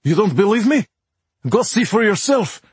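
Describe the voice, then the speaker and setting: A panicky cab driver with a heavy Russian accent barks out broken English in short, emphatic bursts, put on by a male audiobook narrator. The voice is husky and sits close and dry. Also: high-pitched, big pitch swings, normal speed, darkish tone, dry recording, voice pushed up, full character voice. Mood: frantic.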